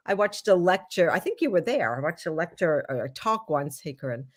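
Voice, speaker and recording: Rich: A woman with a fairly low voice co-hosting a wellness chat on a video call. She talks in a lively, chatty way, cheering listeners on and tossing in playful asides. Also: brisk, hardly any pauses. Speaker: wellness program co-host. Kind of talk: casual panel chat.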